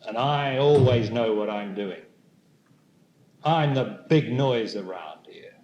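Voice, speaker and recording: A man giving a spiritual talk to a live audience, speaking slowly and deliberately and putting questions to the listeners. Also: mid-range voice, a little mellow, muffled recording. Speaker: spiritual teacher. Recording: echoey room with faint noise.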